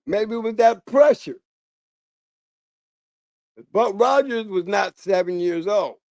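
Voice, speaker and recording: A man with a notably high speaking voice, talking in a loose, rambling monologue as a channel host. He stresses his points by repeating words and restarting sentences. The sound is dry and close, with no room echo. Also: animated, slow pace, creaky, darkish tone. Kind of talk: casual monologue.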